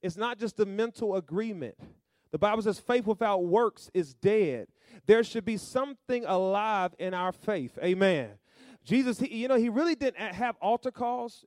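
A male pastor preaching a sermon, calling to the congregation and rising to loud emphatic bursts. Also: high voice, lively intonation, a little fast, dry recording, clean studio sound.

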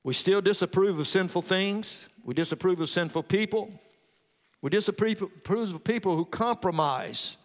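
High-voiced preacher in a reverberant hall. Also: male voice, normal speed. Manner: storytelling, quoting a convert's testimony. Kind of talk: sermon.

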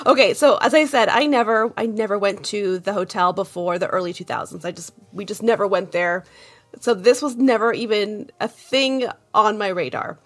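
A woman's voice: medium pitch, moderate pace, soft background music. A woman co-hosting a podcast in casual chat, chatty and laughing often. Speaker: podcast co-host.

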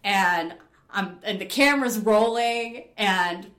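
A middle-aged woman from New York telling animated, laughing stories about climbing, acting out her own past panic. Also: on the high side, measured pace. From Rochester, New York. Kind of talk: casual storytelling. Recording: roomy echo.

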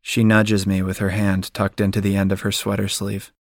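Quiet, low-voiced male narrator. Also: completely flat delivery, moderate pace, no room sound, clean studio sound. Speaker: audiobook narrator. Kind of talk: first-person story narration.

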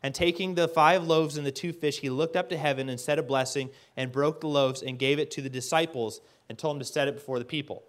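A man preaching a casual sermon, retelling the story in an animated way and acting out the characters as he goes. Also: on the high side, quick pace, few pauses. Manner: leads the audience to stand and call out.

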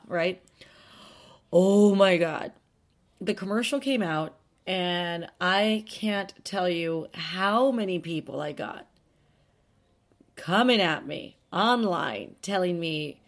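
A woman's voice: medium pitch, measured pace. Chatty woman hosting a podcast. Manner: chatty, rambling, self-deprecating. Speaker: podcast host. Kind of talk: casual chat monologue.

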